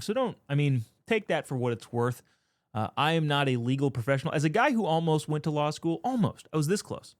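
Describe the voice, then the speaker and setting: A man's voice: a little high, no room sound, clean studio sound. A man giving casual commentary on news, rambling and going off on tangents. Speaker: political commentator.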